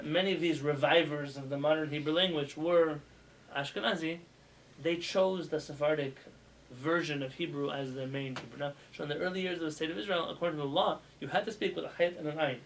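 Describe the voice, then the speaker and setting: Brief: male rabbi teaching a class, lively, quizzes the room, bright tone, faint background noise. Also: fairly high pitch, low-quality recording. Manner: animated, demonstrates pronunciations with raised voice; asks students questions as he teaches. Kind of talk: casual spoken lesson. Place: classroom with students.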